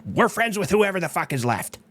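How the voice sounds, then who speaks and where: A man's voice: high-pitched, very animated, fairly quick, very noisy. A man on a podcast with brash, crude banter and heavy swearing. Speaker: podcast co-host.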